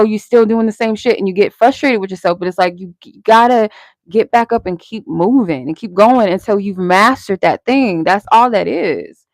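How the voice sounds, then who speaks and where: A woman talks through a live tarot reading in a loose, candid way, cursing now and then as she encourages her listeners. Her voice sits at a middling pitch and sounds close and dry, with no room echo. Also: moderate pace. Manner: candid, conversational, salted with swearing; encouraging, motivational. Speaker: tarot reader and live stream host. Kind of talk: casual spiritual guidance and tarot reading.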